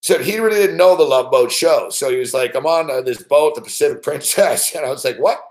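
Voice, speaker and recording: A man's voice: fairly high pitch, fairly quick, a little mellow. A man hosting a show, telling a long story in a rambling, profane way with frequent laughs and heavy swearing. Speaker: show host.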